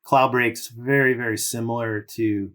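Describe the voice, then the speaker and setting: Speaking at a measured pace and medium pitch, a middle-aged man who used to surf professionally in California tells lengthy stories on a podcast. His manner is laid-back and meandering, sprinkled with loose filler words.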